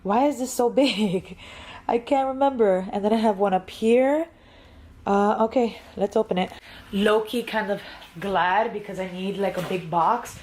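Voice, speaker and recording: A woman's voice: mid-range voice, a little slow, darkish tone. A young adult woman vlogging casually at home, chatty and easygoing as she talks to herself. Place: home, indoors.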